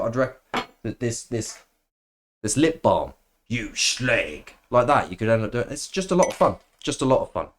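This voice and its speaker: A man streaming a video game, rambling in a sarcastic, playfully profane way. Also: on the low side. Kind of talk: casual rambling stream commentary. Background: background game music.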